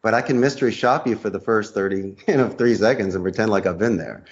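A man being interviewed as a guest, talking in a lively, theatrical way, laughing often as he acts out sales calls. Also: lowish voice, fast talker. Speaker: guest, customer service trainer. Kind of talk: animated interview talk acting out sales calls. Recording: muffled lo-fi audio.

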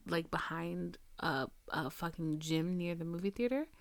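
A woman's voice: fairly low pitch, a little slow, dry recording. Chatty, swearing young woman podcaster. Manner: chatty, profane, addresses listener as girl; drops to a near whisper for asides. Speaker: podcast host. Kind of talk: casual storytelling.

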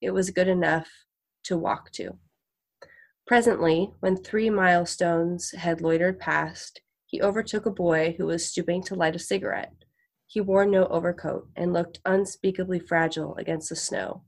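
Gravelly low-voiced woman storyteller. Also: fairly even intonation, normal speed. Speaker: narrator. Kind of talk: audiobook reading of a short story.

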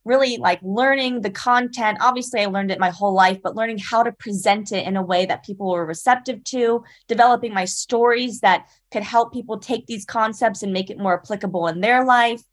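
A woman's voice: mid-range voice, a little fast, few pauses. A young woman in her twenties from South Carolina, earnestly telling a personal story as an interview guest, with lots of "like" and "you know". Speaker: guest, speaker.

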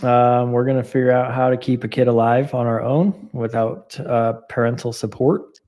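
An easygoing man hosting a podcast, joking along with his co-host while keeping the conversation moving. His voice is mellow and warm, never sharp. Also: mid-range voice, fairly even intonation, moderate pace. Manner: easygoing, jokey, wraps up the show. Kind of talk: casual chat.

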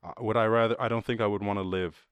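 A man's voice: fairly low pitch, fairly even intonation, fast, clear, resonant tone, dry recording. A man with an Irish accent hosting a podcast, talking in a rambling, casual way with lots of swearing, and laughing at himself. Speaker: podcast host. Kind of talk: casual chat and freestyle rap.

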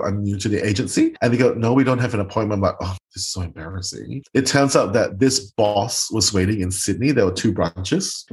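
A man's voice: fairly low pitch, a little mellow. Dramatic man telling stories. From Singapore. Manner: dramatic, acts out quotes in voices. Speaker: makeup artist guest. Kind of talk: animated storytelling interview.

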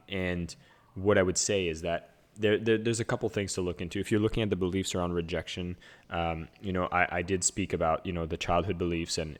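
A man talking casually on a video call, coaching others in an earnest, searching way with many fillers. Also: low-pitched. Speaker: business coach.

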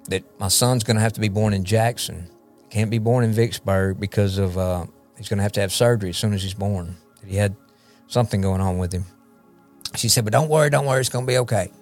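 A man shares his personal testimony as a podcast guest, rambling and repeating words as he talks. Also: on the low side. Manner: rambling, repeats words, often asks "you know what I mean?". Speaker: guest, recovery ministry leader.

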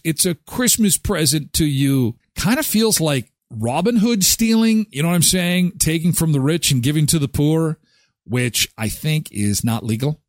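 Lively joking man on radio. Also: on the high side, normal speed, no room sound, clean studio sound. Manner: animated, jokey, acts out voices. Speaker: radio show host. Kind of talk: casual morning show chat with live ad reads.

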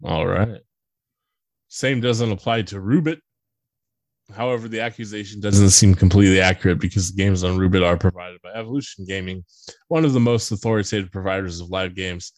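A man's voice: low-pitched, fairly even intonation, brisk, no room sound. A man hosting a casual podcast, reading an article aloud and breaking off with sarcastic, swearing asides. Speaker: podcast host.

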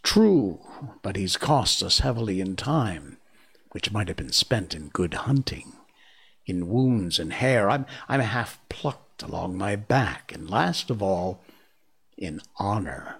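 A man's voice: lowish voice, lively intonation, takes it slowly, vocal fry, fairly bright tone, slightly rough, heavily acted. A man reading aloud, voicing a proud, stern male black panther in formal old-fashioned speech.

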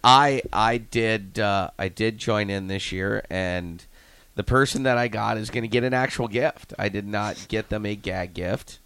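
A man's voice: lowish voice, a little slow, fairly bright tone, clear, resonant tone, no echo. A man, a hockey coach, chatting casually on a radio show and telling easygoing stories. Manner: easygoing storyteller who acts out quotes.

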